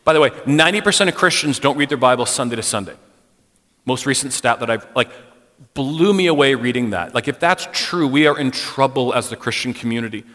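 A man's voice: mid-range voice, lively intonation, fairly quick, sharp tone. A middle-aged man giving a candid, conversational church talk, speaking frankly and personally to the congregation. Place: church sanctuary. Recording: long hall reverb.

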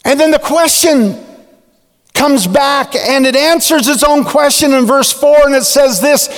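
A man preaching a sermon in a slow, deliberate way with dramatic pauses. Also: very high-pitched. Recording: long reverb of a large hall.

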